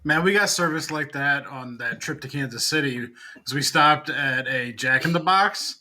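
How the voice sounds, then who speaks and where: Young male co-host, very bright tense tone, rambly and profane. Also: medium pitch, normal speed, a little hiss or hum, poor audio. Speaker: podcast co-host. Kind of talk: casual chat.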